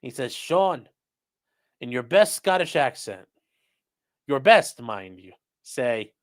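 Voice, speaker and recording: Speaking slowly but with a very animated, mid-range voice, a livestream host reads viewers' messages and reacts with sarcastic, blunt jabs. Swearing comes easily to him in this casual live commentary.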